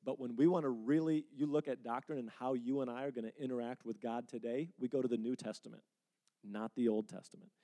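A male pastor speaks in a mellow, relaxed tone. He stays conversational and earnest and answers a question from the congregation. Now and then he acts out little quotes in a livelier voice. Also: medium pitch, fast. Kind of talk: sermon Q&A.

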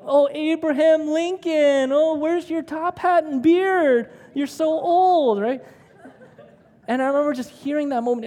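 A man's voice: high voice, mellow. A man preaching a sermon, telling personal stories in a conversational way and often asking "right?". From United States. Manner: conversational storytelling with frequent "right?". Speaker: pastor. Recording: long hall reverb.

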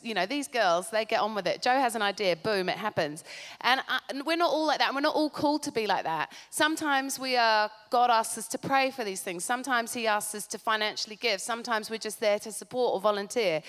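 A woman's voice: a little high, fairly bright tone. A New woman interviewing guests on stage, effusive and gushing. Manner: effusive, gushing, quick to tears. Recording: hall reverb.

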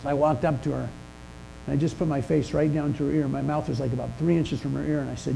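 Gravelly older male pastor preaching. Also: on the high side, steady tone, mellow, slight background noise, poor audio. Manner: conversational storytelling with pauses and restarts. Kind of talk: sermon. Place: church sanctuary.

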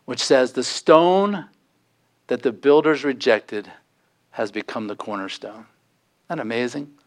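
Earnest pastor preaching. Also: male voice. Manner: earnest, pleading, rises in pitch for emphasis. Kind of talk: sermon.

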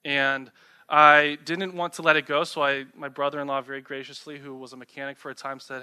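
A man's voice: medium pitch, level tone, a little fast, bright, forceful tone, clear, resonant tone. A young man preaching a sermon, talking conversationally and asking the listeners rhetorical questions. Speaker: pastor.

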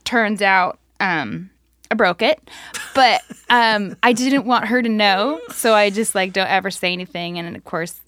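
A woman's voice: medium pitch, a little slow, fairly bright tone, dry recording, studio quality. A woman co-hosting a podcast, telling casual self-deprecating stories and laughing through them. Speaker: podcast co-host. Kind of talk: casual storytelling.

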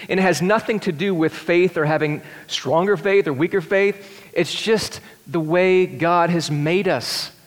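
Animated male pastor in a reverberant hall. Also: a little high. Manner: animated, shifts between excited and hushed tender delivery. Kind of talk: sermon.

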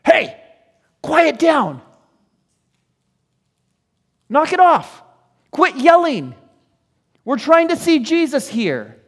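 A man voicing an irritated crowd that scolds others to be quiet, raised well above his own pitch. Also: sing-song, extremely slow, pauses often, heavily acted. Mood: scolding. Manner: scolding, bossy. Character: irritated crowd shushing beggars, adults. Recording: echoey hall.

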